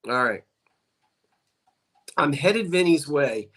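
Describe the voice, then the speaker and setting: Speaking slowly but animatedly, a man with a fairly high, slightly bright voice chats and rambles on a video call livestream. He's a guest there, hailing from South Jersey, USA, with a Delaware Valley accent.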